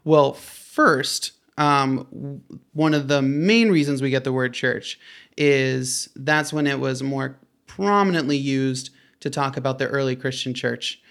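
A man's voice: medium pitch, a little slow, vocal fry, a bit bright. A man co-hosting a casual podcast, joking around playfully while explaining. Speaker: podcast co-host.

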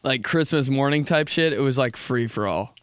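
Rambling young man, smooth voice. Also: moderate pace, fairly bright tone, no echo, clean studio sound. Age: 20s. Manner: rambling, laughing, acts out quotes in high voices. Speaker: podcast host. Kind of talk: casual comedic chat.

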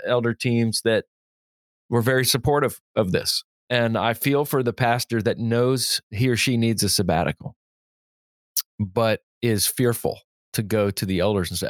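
A man, a pastor hosting a podcast, talking in a casual, animated way and reading quotes aloud. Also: mid-range voice, moderate pace, no room sound, clean studio sound. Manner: animated storytelling, laughs easily, reads quotes aloud.

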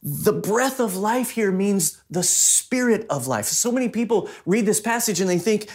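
A man's voice: sits high, animated, slow, darkish tone. Man, pastor, sermon, conversational storytelling tone.

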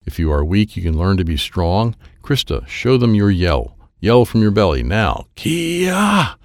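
A man's voice: sits low, lively intonation, moderate pace, darkish tone, dry recording, studio quality. A man voicing a stern, patient male karate master who gives firm, instructive commands. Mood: firm instructing.

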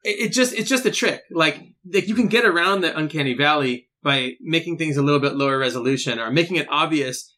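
A man's voice: fairly high pitch, fairly quick, hardly any pauses, pushed and bright. A man co-hosting a casual chat, rambling and joking with lots of restarts. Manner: rambling, jokey, many restarts. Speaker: podcast co-host.

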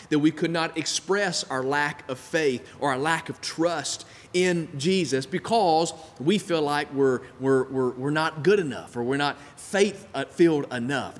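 A man preaching a sermon with dramatic delivery, acting out the voices of doubters and of God. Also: fairly high pitch. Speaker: pastor. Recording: long hall reverb.

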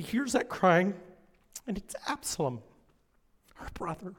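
Guy preaching in a church, kinda high voice, goes from hushed to fired up, big reverby hall. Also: very animated, takes it slowly, husky. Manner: dramatic storytelling, swinging from hushed to impassioned. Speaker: pastor. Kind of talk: sermon. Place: church auditorium.

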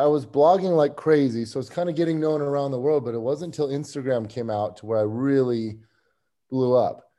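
With a medium-pitched, somewhat dark voice, a man who works as a strength coach looks back on his career as a podcast guest. His casual interview storytelling is relaxed and meandering, with frequent chuckles.

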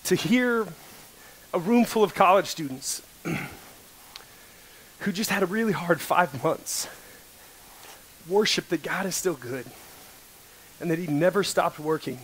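Young male college pastor with a slightly high voice, earnest and a little choked up, preaching with jokes. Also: takes it slowly, long pauses, a bit bright, slight background noise. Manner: earnest, emotional, joking asides. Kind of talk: sermon. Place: coffee shop worship service.

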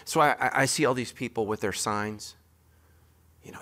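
A man's voice: mid-range voice, measured pace, pauses often, bright, forceful tone. A man preaching a sermon as pastor, speaking straight to his congregation with emphatic, joking asides.

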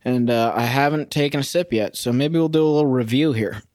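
Casting: young man, mid pitch, dry close sound, loose rambling solo-podcast host who amuses himself. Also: brisk, darkish tone, no echo. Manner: rambling and self-amused, sings snatches of a song. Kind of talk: casual solo podcast monologue. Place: home kitchen.

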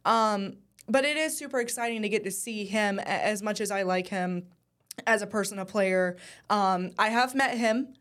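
A young woman co-hosting a talk show, chatting with enthusiasm and plenty of ums. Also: mid-range voice. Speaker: co-host at a news station. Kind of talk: casual chat.

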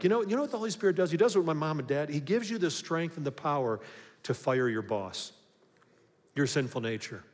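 A man's voice: on the high side, a little fast. Man preaching a sermon in a big hall. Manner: storytelling, lively, building to emphatic points. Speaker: pastor. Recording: long hall reverb.

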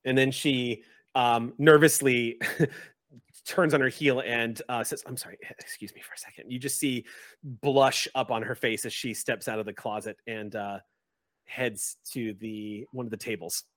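A man's voice: mid-range voice, steady tone, unhurried, fairly bright tone, no room sound, studio quality. A man running a tabletop game, describing scenes and speaking to players, rambling with restarts. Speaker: game master.

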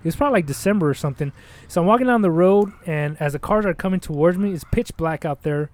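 A man's voice: a little high, fast talker. A young man casually telling a long, rambling, profane story, acting out what people said. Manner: rambling, profane, animated, acts out quotes.

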